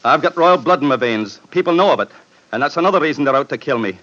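A man's voice: mid-range voice, animated, quick pace, fairly bright tone, lightly acted. A man playing a panicky man with weak heart. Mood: earnest. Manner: panicky, breathless, pleading. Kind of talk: 1940s radio acting. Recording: dull old radio broadcast.

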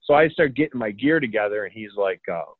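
A man telling a story in a casual, animated way, acting out the dialogue and chuckling as he goes. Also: on the low side, fast talker, dry recording. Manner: animated, acts out quoted dialogue, chuckles often. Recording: tinny phone line, dry.

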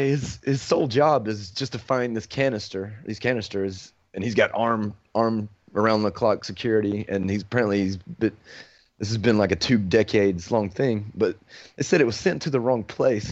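Halting, laughing guest, muffled audio. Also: male voice, on the low side. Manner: halting, laughing, many fillers. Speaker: podcast guest. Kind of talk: casual podcast chat.

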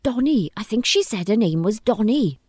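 A woman's voice: on the high side, lively intonation, normal speed, a little mellow, husky, dry recording, clean studio sound, pitched above the performer's own voice. A woman voicing a panicky young groom who talks frantically in a raised voice, in a storybook reading. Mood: frantic. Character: panicky young groom after a stag night.

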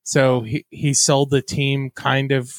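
A man's voice: mid-range voice, flat delivery, slow pace, no echo. A man co-hosting a casual comedy podcast, riffing crudely and laughing often. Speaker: podcast co-host.

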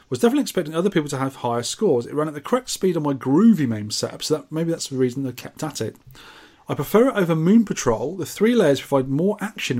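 Here a retro gaming podcast co-host, a man with a fairly high, husky voice, works through listener mail. The chat stays casual, full of dry teasing and deadpan asides.

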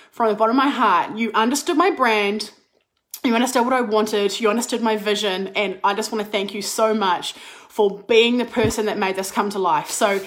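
Bubbly, excitable woman, slightly high. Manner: bubbly and excitable, laughs and restarts often. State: slight cold, clearing throat. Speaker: business and mindset coach, podcast host. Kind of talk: excited live-stream chat.

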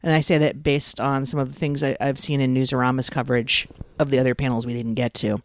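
A man co-hosting a podcast from a living room, mostly chiming in with short agreement and quick quips. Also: mid-range voice, flat delivery, dry recording, studio quality. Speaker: podcast co-host. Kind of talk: casual chat. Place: living room, mobile recording rig.

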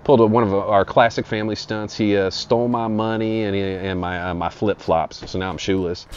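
A man's voice: fairly low pitch, steady tone, brisk, slight background noise. A man telling a rambling, profane comic story in an improvised monologue. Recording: dull lo-fi audio.

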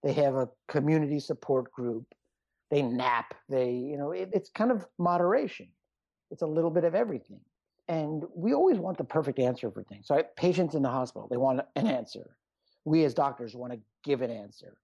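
A man's voice: on the high side, lively intonation, a little fast, gravelly, warm tone, no room sound. A middle-aged man, a doctor and author, chatting as a guest in a rambling, self-deprecating way. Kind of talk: casual interview chat. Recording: muffled lo-fi sound.

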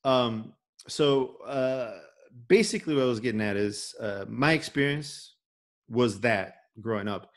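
Man, chicago accent, mid-pitched voice, loose casual chat. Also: measured pace. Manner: conversational, many fillers and repeated words. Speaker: podcast host.

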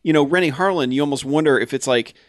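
Wry man with a slightly high voice. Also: quick pace, no echo, clean studio sound. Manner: wry, profane, mimics people. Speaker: podcast co-host. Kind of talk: casual movie review chat.

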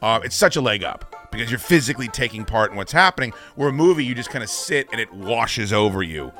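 Animated, bright-voiced male radio host. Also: medium pitch, fast talker, faint music behind. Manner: animated, profane, rambling. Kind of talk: casual radio talk.

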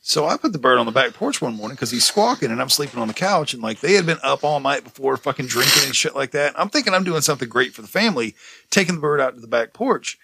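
A man's voice: mid-range voice, expressive, fast, vocal fry, sharp tone, slightly rough, dry recording. A man co-hosting a casual chat, telling rambling stories full of swearing and laughter. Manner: rambling anecdotes, heavy swearing, frequent laughter.

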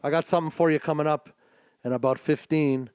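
Wry male co-host, smooth clear voice, dry close sound, playful betting banter. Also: fairly high pitch, fairly even intonation, brisk, darkish tone, no room sound. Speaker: sports betting podcast co-host. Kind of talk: casual sports betting chat.

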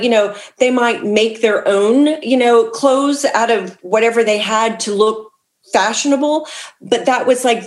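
Chatty woman author laughing through stories. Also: a little high. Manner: chatty, laughs often, quick asides. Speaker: author guest. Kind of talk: casual interview chat.

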